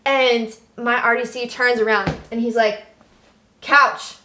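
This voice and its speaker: A woman's voice: fairly high pitch, level tone, normal speed, pushed and bright, a little hiss or hum. A young woman, a Navy veteran, chatting casually on her channel, telling stories and laughing often. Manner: bubbly, laughs a lot, storytelling. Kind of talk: casual chat.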